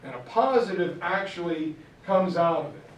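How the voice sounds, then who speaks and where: A high-voiced man lectures on history with an animated storyteller's energy. His voice sounds roomy and a little distant from the mic. He slips in quick character voices for the people in his story. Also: a little hiss or hum. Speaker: history teacher. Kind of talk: lecture with acted-out quotes. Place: classroom.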